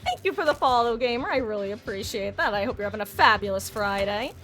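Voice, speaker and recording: Bright-voiced young woman streaming a game. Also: on the high side, lively intonation, fast talker. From New Jersey. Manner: rambling, giggly, self-deprecating, many restarts. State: short of breath. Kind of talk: casual live-stream commentary while playing.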